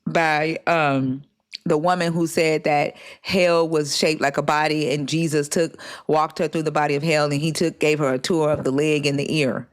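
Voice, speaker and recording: A livestream host telling a story in casual chat, profane and animated, acting out the dialogue they quote. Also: mid-range voice, normal speed.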